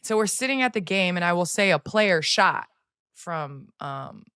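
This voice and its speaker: Playful low-voiced woman podcast host. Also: unhurried, clean tone, no echo, studio quality. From United States. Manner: playful, laughs easily, animated storytelling. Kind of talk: casual podcast chat.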